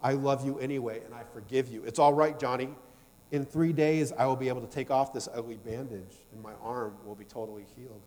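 A man voicing an exasperated mother of two young boys in a sermon illustration, her lines raised in pitch and volume. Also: fairly even intonation, fairly quick, darkish tone, in a large hall, lightly acted. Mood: tender.

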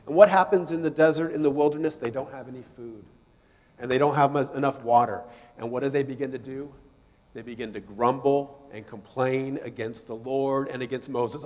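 A man's voice: mid-range voice, fairly even intonation, normal speed, darkish tone. A man preaching a sermon in a church, talking in a conversational way and asking the congregation questions. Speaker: pastor. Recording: long hall reverb.

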